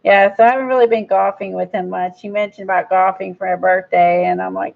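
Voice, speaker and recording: Woman crafting and rambling on, blunt and impatient, bit of vocal fry, dull lo-fi sound. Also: mid-range voice, fairly even intonation, a little fast. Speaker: crafter vlogger. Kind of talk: casual chat while crafting. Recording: dull lo-fi recording.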